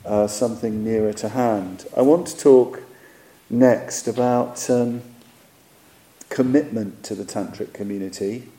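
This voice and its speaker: A man giving a dharma talk, reflective and measured, often pausing on fillers while he searches for words. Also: on the low side, steady tone, dark tone. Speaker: Buddhist teacher. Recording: echoey hall.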